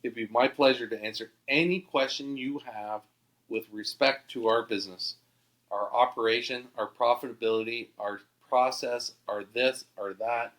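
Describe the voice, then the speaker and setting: A man's voice: medium pitch, steady tone, moderate pace, a bit bright, lightly acted, poor audio. A man playing a polite, formal male senior car sales manager in an anecdote. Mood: courteous.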